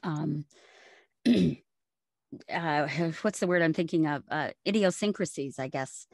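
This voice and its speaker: A woman, chatting as a voice actor guest in an interview, lively and explaining with examples. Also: sits low, measured pace, dry recording, studio quality. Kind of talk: casual interview chat.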